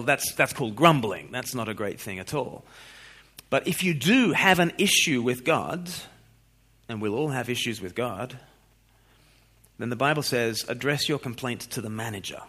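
A man preaching a sermon, expressive, moving between loud questions and quiet scripture reading. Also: mid-range voice.

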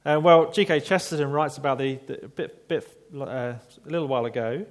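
A man delivering a sermon at a steady, medium pitch. He speaks in a measured, reflective way and slows down for emphasis. Now and then he turns to his listeners with a light aside. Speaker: preacher.

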